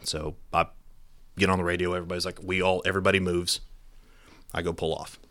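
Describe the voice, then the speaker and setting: Deep-voiced man telling a story. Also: quick pace. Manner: animated, casual, self-deprecating. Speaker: police officer telling a story. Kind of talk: storytelling to an audience.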